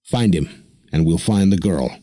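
Man doing a ruthless warrior-priest villain, husky, raised and loud, clipped commands. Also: low voice, lively intonation, a little slow, no echo. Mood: commanding.

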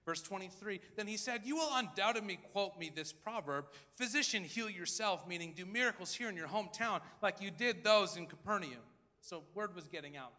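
A man preaching a sermon in a dramatic style, acting out crowd voices and swinging between loud and hushed. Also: high voice, lively intonation, brisk, big-room sound. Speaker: pastor. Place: large church hall.

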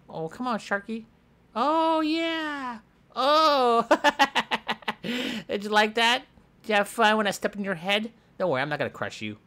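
Bob, a man voicing a hyper boastful schoolboy. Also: high-pitched. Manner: excitable, goofy, jumps between squeals and mutters. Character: hyper boastful schoolboy hero with a pet shark. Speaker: gameplay voice actor. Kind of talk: comedic game voiceover.

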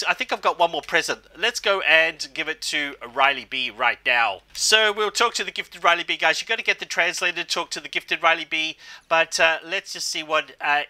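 An energetic man narrating a game walkthrough with a high-pitched voice. His tone is very bright and sharp, and he keeps addressing his viewers with bursts of hype. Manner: energetic, says "guys" constantly, punchy exclamations like "boom". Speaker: gaming channel host. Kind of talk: excited game walkthrough commentary.

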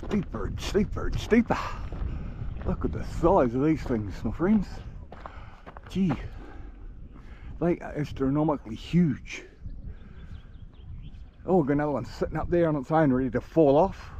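A man's voice: on the high side, lively intonation, normal speed, pauses often, mellow, a little hiss or hum. A man vlogging in a casual, enthusiastic way as he walks outdoors, chatting straight to his viewers. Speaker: travel vlogger. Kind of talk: casual walking vlog. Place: outdoors among rocks.

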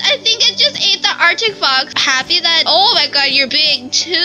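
A woman giving excitable let's-play commentary as she plays, often squealing and laughing as things happen. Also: very high voice, a little slow, poor audio. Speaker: gaming video host. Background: background music.

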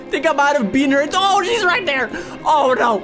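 A man hosting a let's-play gaming video, narrating with excitable, panicky yelps and jokes. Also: extremely high pitch, measured pace, over music. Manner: excitable, panicky yelping and joking.

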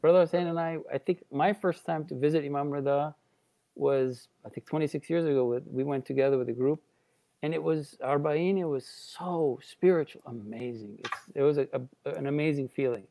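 Gravelly, dark-voiced man on a panel. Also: fairly high pitch. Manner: heartfelt and halting, with frequent restarts. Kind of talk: personal reflection in a panel discussion.

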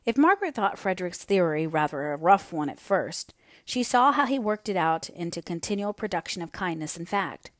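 A woman reads a classic novel aloud in measured, steady scripted narration. Her voice sits on the lower side, and the recording is close and dry with no room sound. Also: no room sound. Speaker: audiobook reader.

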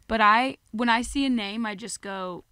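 A woman's voice: fairly high pitch, moderate pace, sharp tone, smooth, dry recording. A woman co-hosting a podcast, rambling through playful jokes in casual chat. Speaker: podcast co-host.

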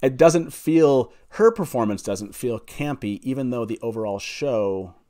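A man hosting a casual panel discussion, agreeable and quick to hand the floor to his guests. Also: mid-range voice, animated, mellow. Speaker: podcast host.

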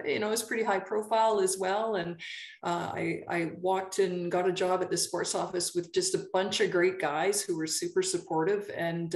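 Canadian lady in her 50s, lowish voice, chatty, restarts a lot, echoey room. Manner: chatty, stop-start with many restarts and fillers. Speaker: guest, sports broadcaster. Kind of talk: casual interview chat. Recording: roomy echo.

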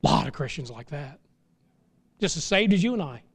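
Middle-aged pastor guy preaching, high voice, folksy then fired up. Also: big pitch swings, fairly quick, breathy edge. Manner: folksy, rises to impassioned crescendos. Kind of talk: sermon.

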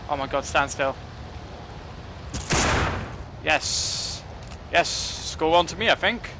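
A young man giving casual, excitable commentary while playing a game, joking and swearing at what happens on screen. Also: fairly high pitch, slow pace, pauses often, background noise. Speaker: gaming commentator.

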